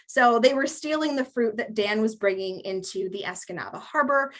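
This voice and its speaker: A woman's voice: fairly high pitch, moderate pace, hardly any pauses. A woman giving a museum lecture on local history, chatty and amused, with many fillers. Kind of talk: public history talk with slides.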